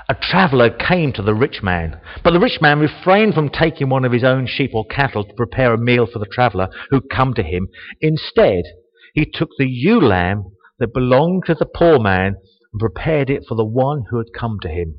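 Guy preaching slow in a big echoey hall, kinda muffled sound. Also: big pitch swings. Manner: slow, reflective, rises in pitch and volume on quoted speech. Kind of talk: sermon, Bible reading with commentary. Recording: dull, long reverb of a church hall.

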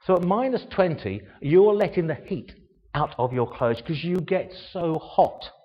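An older man speaks in a chatty, self-mocking way, tossing rhetorical questions at his listeners. His voice sits a little high and swings widely in pitch. The sound is dull and rings with long hall reverb. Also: expressive, unhurried, slightly rough. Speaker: speaker giving a talk. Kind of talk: informal show-and-tell talk.

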